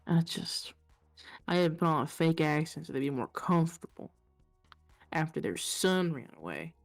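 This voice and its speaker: A woman's voice: sits low, lively intonation, moderate pace, gravelly, no room sound, faint music behind. A woman voicing a tired, bitter servant woman who speaks bluntly and hesitantly in a tabletop game.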